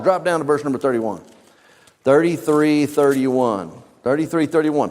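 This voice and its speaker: A man's voice: on the high side, lively intonation, normal speed, a little mellow, long reverb tail. A male pastor preaching a sermon, reading scripture aloud with dramatic emphasis and asking the congregation questions. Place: church sanctuary.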